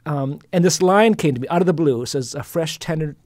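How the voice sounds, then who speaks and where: Soft-spoken reflective middle-aged man. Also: a little high, fairly quick, no echo, studio quality. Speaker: podcast host and singer-songwriter. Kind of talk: casual storytelling conversation.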